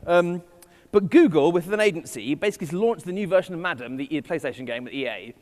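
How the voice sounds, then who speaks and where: A man with an English accent speaks at a conference, giving a keynote from a festival stage in a big hall. His voice is on the high side and a little mellow, expressive and quick, with playful, self-mocking asides for the live audience. The hall lends long reverb.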